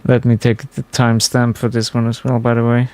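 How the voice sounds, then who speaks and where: A man's voice: medium pitch, monotone, brisk, a little mellow, dry recording, faint music behind. A man chatting casually to his stream viewers while playing, musing aloud as he goes. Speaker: game streamer. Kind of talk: casual live-stream commentary.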